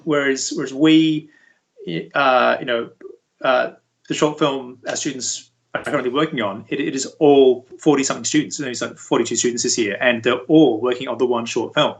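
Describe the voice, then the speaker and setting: A man speaking as an interview guest, a university VFX lead explaining things in a relaxed, conversational way. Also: mid-range voice, moderate pace, poor audio. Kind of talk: casual interview chat.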